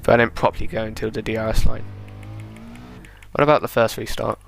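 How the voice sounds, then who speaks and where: A man's voice: on the low side, flat delivery, brisk, creaky, a little hiss or hum. A young man giving casual, chatty commentary over a racing game replay, thinking aloud and correcting himself. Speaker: gaming video creator.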